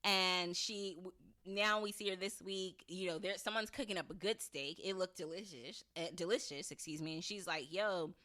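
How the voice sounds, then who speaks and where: A young woman hosting a podcast, giving a chatty, animated spoken review and acting out lines from the episode. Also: on the low side, normal speed.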